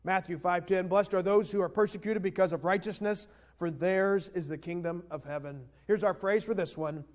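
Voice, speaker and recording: A man's voice: high voice, fairly even intonation, normal speed, darkish tone. A male pastor preaching a sermon earnestly, leading the congregation in repeating phrases. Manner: earnest, leads the congregation in call-and-response.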